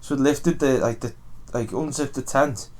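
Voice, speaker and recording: A man's voice: mid-range voice, moderate pace, darkish tone. A young man from Wales, co-hosting a podcast, telling a rambling story and swearing often. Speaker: podcast co-host. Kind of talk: casual chat, storytelling.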